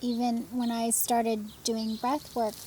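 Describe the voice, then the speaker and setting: A woman co-hosting a podcast, telling stories quickly and with animation in reflective conversation. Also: a little high, level tone, dark tone, a little hiss or hum. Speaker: podcast co-host.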